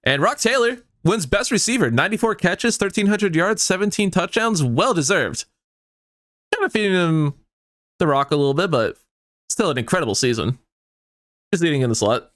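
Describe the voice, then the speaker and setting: A man commenting on his own football video game dynasty, excitable and swearing often as his mood swings between hype and outrage. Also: high voice, moderate pace, no echo, clean studio sound. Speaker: gaming YouTuber. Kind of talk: let's play commentary.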